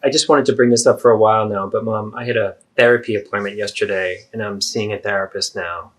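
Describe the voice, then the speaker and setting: A man's voice: on the low side, steady tone, fast talker, close to an everyday voice. A man playing an adult daughter who earnestly and persistently confronts her mother in a therapeutic role-play. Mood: hesitant.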